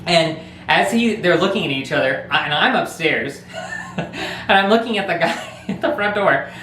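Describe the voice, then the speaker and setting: A man's voice: on the high side, expressive, normal speed, bright, forceful tone. A man hosting a vlog, telling a story casually in a rambling way and chuckling often. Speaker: vlog host. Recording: echoey room, faint noise.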